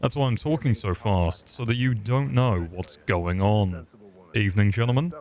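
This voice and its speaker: This man's voice is lowish and darkish in tone, moving at a moderate pace as he plays a video game. He rambles through crude joking banter in a comedic let's-play.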